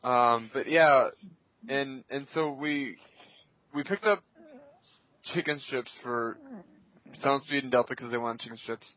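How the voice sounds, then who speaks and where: A man's voice: medium pitch, unhurried, pauses often. A man co-hosting a podcast, chatting casually and rambling as he restarts his sentences. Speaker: podcast co-host. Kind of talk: casual chat. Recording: dry, dull lo-fi sound.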